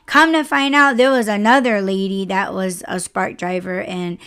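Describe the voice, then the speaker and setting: A woman hosting a podcast rants about a bad day on the job, swearing freely and sounding exasperated as she retells it. Her voice is smooth and clear, sitting in an ordinary middle register. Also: medium pitch, moderate pace. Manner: profane, exasperated, animated retelling. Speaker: podcast host; delivery driver. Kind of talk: casual storytelling rant.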